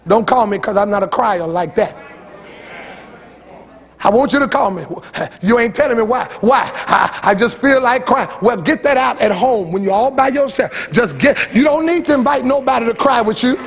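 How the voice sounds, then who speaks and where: A middle-aged pastor preaching a sermon in a church, folksy and fiery, shouting one moment and dropping low and teasing the next. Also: male voice, moderate pace. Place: church sanctuary.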